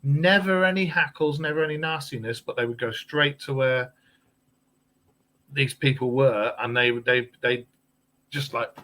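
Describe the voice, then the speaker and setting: A man's voice: mid-range voice, unhurried, pushed and bright, low-quality recording. A middle-aged man from England chatting as a guest, telling jokey anecdotes and slipping into voices. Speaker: guest, paranormal investigator and podcaster. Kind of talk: casual chat.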